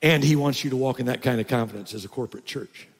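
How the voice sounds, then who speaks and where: An older man preaching a sermon as a pastor, often rising to loud, high emphatic bursts. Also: quick pace, creaky. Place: church sanctuary. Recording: reverberant church hall.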